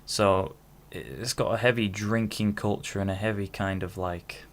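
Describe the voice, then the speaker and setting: This twenty-something podcast host talks alone in a meandering, self-interrupting way, dropping casual curse words. He has a lowish voice with a steady tone and speaks at a normal speed.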